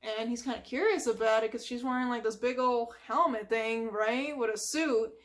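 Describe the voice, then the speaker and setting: Chatty woman retelling a cartoon, says like a lot, kinda high voice. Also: fairly even intonation, normal speed. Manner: chatty, lots of "like" and sound effects. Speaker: storyteller. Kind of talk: casual retelling of a cartoon from memory.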